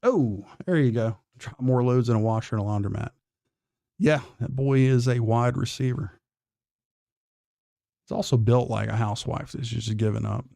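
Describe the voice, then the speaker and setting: A gravelly, dark-toned man chats on a morning livestream, reading comments aloud. He is blunt, profane and defiant, drawling through false starts, and his voice sounds close and dry. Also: mid-range voice, moderate pace, pauses often, no room sound. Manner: drawling, with restarts. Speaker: livestream host.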